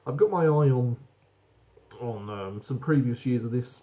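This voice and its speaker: A man's voice: medium pitch, expressive, a little slow, highs cut off. A British man giving a frank, rambling beer review that swears casually.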